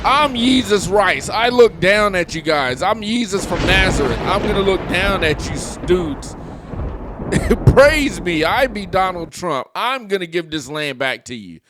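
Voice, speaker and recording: A man puts on a boastful male politician who proclaims himself a savior. The delivery is grandiose and preachy, pitched higher than his usual voice and pushed louder. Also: lively intonation, measured pace, background noise. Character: boastful self-worshipping male politician, mocking impression.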